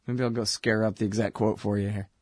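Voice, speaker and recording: A man's voice: fairly low pitch, flat delivery, fast talker, slightly rough, dry recording. A man hosting a radio commentary show, talking in a sarcastic, conversational and emphatic way into a close mic. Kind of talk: political commentary monologue.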